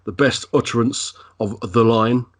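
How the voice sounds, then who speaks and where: A man's voice: medium pitch, fairly even intonation, unhurried. A man co-hosting a podcast in casual chat, agreeable and hesitant, with many fillers. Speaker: podcast co-host.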